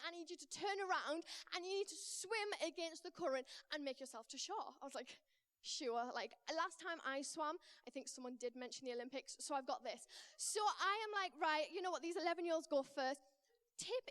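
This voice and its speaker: A young woman with a high, bright voice preaches in a church. She tells her story with comic timing and plays up her own panic in her delivery. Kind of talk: sermon with a personal story.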